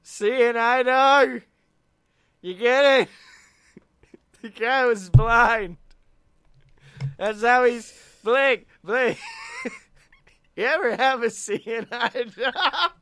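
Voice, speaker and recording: A man co-hosting a comedy podcast, spinning a long, profane joke and cracking up at his own punchlines. His voice is high and bright, with a smooth, crisp tone. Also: extremely slow, pauses often. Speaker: podcast co-host. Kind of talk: rambling comedic storytelling.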